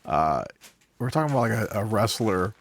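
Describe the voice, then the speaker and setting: A man's voice: fairly low pitch, sing-song, normal speed, vocal fry. A young man co-hosting a casual movie podcast, telling side stories and laughing often. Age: young adult. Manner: tells side stories, laughs a lot, acts out shouted quotes. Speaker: podcast co-host.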